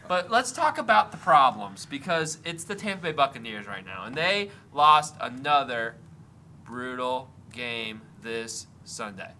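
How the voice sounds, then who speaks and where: A young man co-hosting a sports talk show, excitable and slangy, calling people dude and bro. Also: mid-range voice, unhurried, slight background noise. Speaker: podcast co-host. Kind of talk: casual sports chat.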